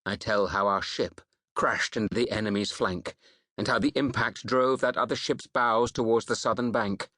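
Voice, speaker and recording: A man reading a historical novel as a dramatic first-person audiobook narration, in a measured storytelling manner that slows on reflective passages. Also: lowish voice, bright, forceful tone, no echo, clean studio sound.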